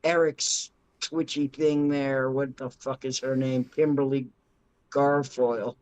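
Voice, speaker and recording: A woman co-host who talks very slowly and drags her words out, making crude, cutting remarks in casual chat. Her voice sits in a middle pitch and sounds dry and close. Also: level tone, a little mellow, no echo. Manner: slow, drawn-out, crude and cutting. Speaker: podcast co-host.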